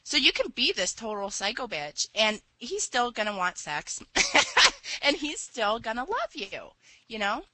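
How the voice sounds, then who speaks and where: A woman co-hosting a casual chat, quick to agree and laugh along. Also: fairly high pitch, huge pitch swings, bright, forceful tone, a little hiss or hum, low-quality recording. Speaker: co-host.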